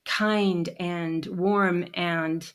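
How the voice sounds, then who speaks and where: A woman hosting a podcast, chatting warmly and getting emotional as she tells a story. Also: lowish voice, steady tone, extremely slow. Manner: warm and emotional when telling stories, chatty. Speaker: podcast host. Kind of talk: casual interview conversation.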